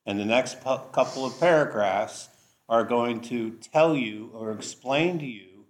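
Slow-talking man teaching Bible study. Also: mid-range voice. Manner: slow, deliberate, checks in with "okay?".

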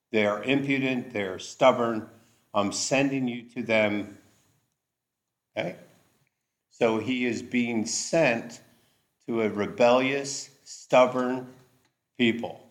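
A man teaching a Bible study, explaining scripture deliberately and checking in with the class. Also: medium pitch. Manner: slow, deliberate, checks in with "okay?".

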